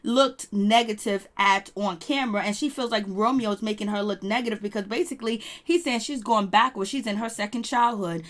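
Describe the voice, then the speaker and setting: A woman's voice: mid-range voice, fairly quick, few pauses. A woman recapping a reality show in a casual, gossipy vlog, acting out what people said. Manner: chatty, gossipy, acts out quoted lines.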